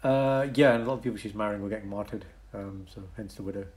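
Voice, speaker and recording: Podcast co-host, man, deeper voice, animated and swinging in volume. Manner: animated, swings loud and soft, quick bursts. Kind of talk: casual podcast chat.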